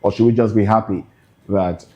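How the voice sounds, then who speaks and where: A man hosting a live discussion, asking measured questions and repeating them slowly. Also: fairly low pitch, fairly even intonation, darkish tone, highs cut off. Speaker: host.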